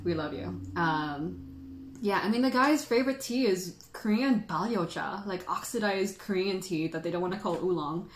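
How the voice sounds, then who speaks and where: A woman's voice: fairly low pitch, moderate pace, slight background noise. A woman hosting a casual livestream who chats in a rambling way and laughs often. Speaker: tea livestream host. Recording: roomy echo.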